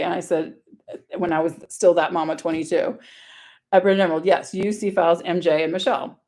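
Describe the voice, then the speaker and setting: A woman's voice: on the low side, fairly even intonation, fairly quick, pauses often, darkish tone. A woman from Louisiana reading screenshots aloud in a casual vlog, blunt, sarcastic and profane. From Louisiana, USA. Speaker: online commentator.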